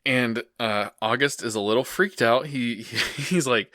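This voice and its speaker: A man's voice: on the low side, normal speed, hardly any pauses, bright, forceful tone, dry recording, clean studio sound. A man co-hosting a casual anime podcast, laid-back and chuckling as he retells the plot. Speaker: podcast co-host. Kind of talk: casual anime recap chat.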